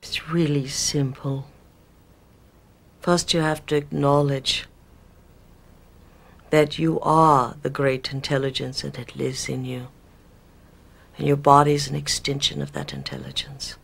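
A woman's voice: deep voice, gravelly, voice pushed down, exaggerated voice. A woman voicing an ancient male spirit teacher in a put-on British accent, giving grandiose, solemn pronouncements as a channeling performance. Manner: slow, stately pronouncements.

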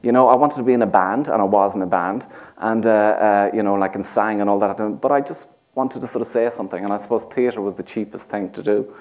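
Rambling Dublin man, low voice. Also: quick pace, few pauses, a little mellow. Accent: Dublin Irish. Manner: rambling, self-mocking storyteller full of "you know, like". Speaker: playwright guest. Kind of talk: onstage conversation. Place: theatre stage before an audience.

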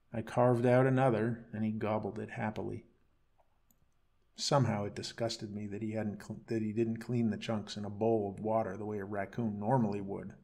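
Brief: male storyteller, low and gravelly, slow somber bedtime reading. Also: a little mellow.

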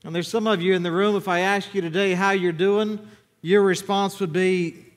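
A man's voice: high-pitched, fairly even intonation, normal speed. A man preaching a conversational sermon as pastor, asking his congregation questions. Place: church sanctuary. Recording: church hall with long reverb.

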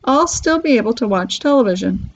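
A woman voicing a tiny, bratty, boastful boy in a squeaky, whiny voice, read aloud from a storybook. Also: expressive, a little fast, a little hiss or hum. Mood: cocky. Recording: dull lo-fi recording.

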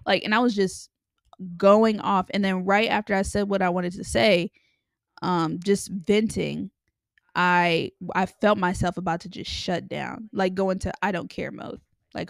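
A woman's voice: medium pitch, creaky, no room sound, studio quality. A young woman telling a personal story in a candid, chatty way, full of likes and ums, as a podcast host. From Los Angeles area. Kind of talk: casual storytelling monologue.

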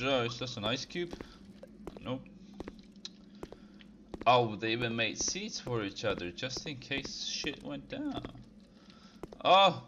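Excitable swearing young gamer man. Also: mid-range voice, a little hiss or hum. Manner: excitable, swearing, sudden yelps and shouts. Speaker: gaming video creator. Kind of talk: let's play commentary. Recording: game music loud behind voice. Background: game music.

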